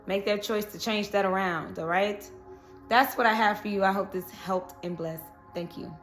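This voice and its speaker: A woman's voice: medium pitch, fairly even intonation, moderate pace, fairly bright tone, soft background music. A woman reading tarot cards in a casual chat, who keeps checking in with "okay?" and "you know". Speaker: tarot reader.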